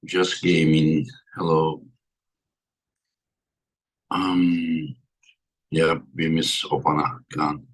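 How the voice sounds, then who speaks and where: A man's voice: a bass voice, flat delivery, very slow, pauses often. A tired man hosting a livestream in casual chat, greeting his viewers by name one after another. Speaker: livestream host.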